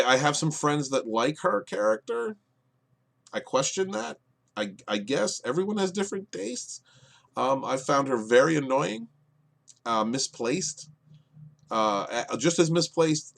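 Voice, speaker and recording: A man giving an exasperated review of a TV show, with lots of fillers and restarts, dropping to low mutters and then bursting out loud. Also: lively intonation, unhurried, gravelly. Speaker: podcast reviewer. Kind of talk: ranting review commentary.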